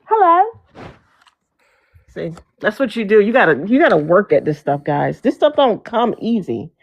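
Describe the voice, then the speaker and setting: Animated, playful woman. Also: medium pitch, moderate pace, no echo, muffled recording. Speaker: panel host guest. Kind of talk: casual chat.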